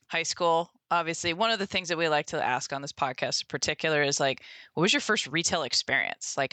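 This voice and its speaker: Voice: mid-range voice, pushed and bright, dry recording. A podcast host asking rambling, chatty questions with plenty of fillers in casual interview chat.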